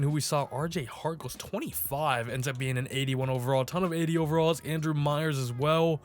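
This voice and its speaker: A young man casually commenting on his own video game play, excitable and slangy, swinging between hype and groaning. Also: fairly high pitch. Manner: slangy, says bro. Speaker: gaming YouTuber.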